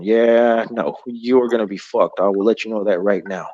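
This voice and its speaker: A man's voice: on the low side, steady tone, moderate pace, a little mellow, no room sound. A man in his thirties, a guest telling an encounter story in a rambling, profane way and acting out other people's lines. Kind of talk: casual storytelling. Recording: dull, muffled audio.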